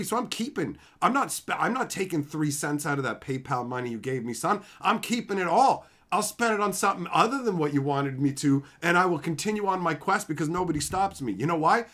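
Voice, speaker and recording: A man hosts a casual livestream, answering his chat with boastful, swearing jokes, calling people bro and son. His voice is bright and fairly high for a man, and it leaps around in pitch as he clowns. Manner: lively swings in pitch and loudness, mock shouting. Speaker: livestream host. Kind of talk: casual livestream chat reading viewer comments.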